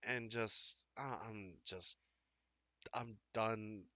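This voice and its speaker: Bright-voiced rambling male co-host. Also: fairly low pitch, fairly even intonation, slow pace. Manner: rambling, many fillers and restarts. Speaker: podcast co-host. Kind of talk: casual live-stream chat.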